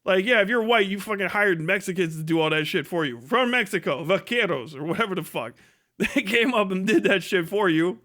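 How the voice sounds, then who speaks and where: A man's voice: high-pitched, animated, brisk, fairly bright tone. A man hosting a livestream, ranting crudely and mockingly, laughing often. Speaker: livestream host. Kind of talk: profane comedic rant.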